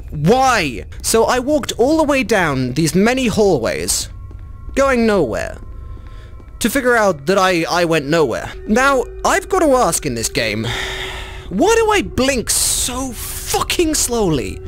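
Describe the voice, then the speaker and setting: A gaming YouTuber playing a VR horror game, chatty and swearing, who talks to the monsters in a mock bro voice and shrieks when scared. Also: male voice, sits high, huge pitch swings, unhurried, fairly bright tone, faint music behind. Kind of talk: comedic VR horror let's play.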